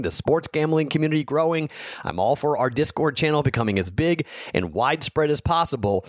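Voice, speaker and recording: A man's voice: a little high, no echo, clean studio sound. A man hosting a sports betting podcast, talking casually and frankly, frustrated and rambling with restarts. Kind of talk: casual solo podcast talk.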